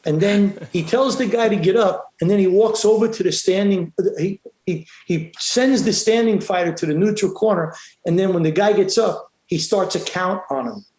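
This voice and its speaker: Man, boxing referee guest, high voice, emphatic storyteller, echoey room. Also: normal speed, darkish tone. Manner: emphatic, acts out quotes, frequent restarts. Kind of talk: animated storytelling in an interview.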